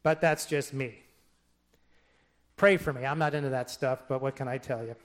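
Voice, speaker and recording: A man's voice: mid-range voice, fairly even intonation, moderate pace. A man preaching a sermon in a conversational way, dropping wry joking asides and reading scripture aloud with emphasis. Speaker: pastor.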